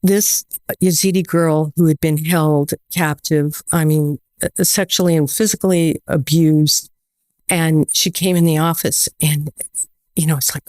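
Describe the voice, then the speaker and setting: An American woman guest telling lively stories in a casual interview, often acting out quoted dialogue. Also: sits low, normal speed, dry recording, studio quality. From United States.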